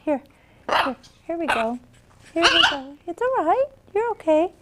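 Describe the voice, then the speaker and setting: High-voiced woman coaxing her pet bird. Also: sing-song, measured pace, noisy background. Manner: coaxing, praising, sing-song pet talk. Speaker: bird owner.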